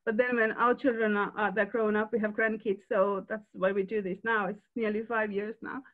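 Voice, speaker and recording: An older woman, a foster carer, speaking haltingly and emotionally over a video call. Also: medium pitch, little pitch movement. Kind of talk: sharing in a Q&A. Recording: tinny phone-like call audio.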